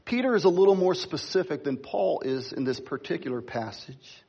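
A middle-aged man preaching a sermon, stressing key words slowly and talking to the congregation in asides. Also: a little high, expressive, creaky, breathy edge, dull audio. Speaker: pastor.

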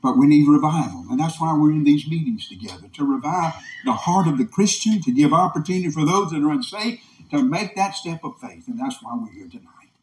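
A man's voice: fairly high pitch, lively intonation, brisk, a little mellow. A man preaching a revival sermon in a church, impassioned, with a rising and falling preaching cadence. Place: church meeting room. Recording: echoey room.

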